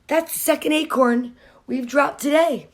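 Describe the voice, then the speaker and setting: A woman's voice: high-pitched, a little slow. Chirpy lil squirrel, bouncy sing-songy voice, lady reading a kids book. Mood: playful. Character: playful chattering squirrel. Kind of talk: storybook reading.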